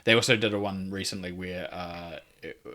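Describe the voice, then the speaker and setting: A man's voice: low-pitched, steady tone, normal speed, sharp tone. A man co-hosting a casual film news podcast, rambling and laughing easily as he talks. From New Zealand. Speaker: podcast co-host.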